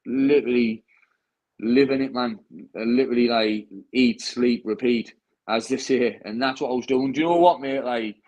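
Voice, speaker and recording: A man's voice: medium pitch, poor audio. A young British man, a bare-knuckle fighter, chatting after a fight with lots of restarts and "mate" in every sentence. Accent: British English. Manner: chatty, says "mate" constantly, rambling restarts. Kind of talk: post-fight interview chat.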